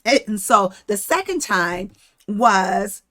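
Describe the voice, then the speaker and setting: A woman's voice: mid-range voice, expressive, takes it slowly, sharp tone. A woman hosting a podcast, teaching from the Bible in a casual, conversational way and acting out the story. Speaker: podcast host.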